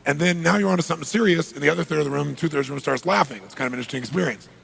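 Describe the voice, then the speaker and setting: A motivational speaker tells stories energetically to a live audience, acting out the dialogue and throwing questions back at the crowd. His voice is gravelly and husky, slightly higher than most men's. It rings through a large seminar hall with a long reverb. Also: very fast, a bit bright.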